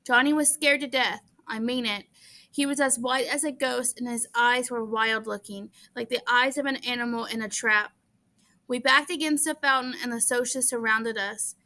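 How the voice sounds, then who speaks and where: A woman's voice: a little high, fairly even intonation, normal speed, bright, forceful tone. A woman reading a novel aloud in first person, earnest, with small stumbles now and then. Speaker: audiobook reader.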